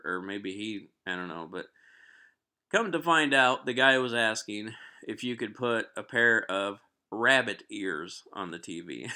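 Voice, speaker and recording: Guy on a livestream rambling through a story, low voice but bright tone, lots of ums. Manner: rambling, lots of fillers and restarts, clears his throat. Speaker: live streamer. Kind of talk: casual storytelling.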